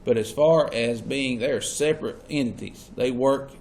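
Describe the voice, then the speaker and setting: A man's voice: mid-range voice, unhurried, darkish tone, slight background noise. A man teaching a class, often checking whether his students follow. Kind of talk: classroom lecture.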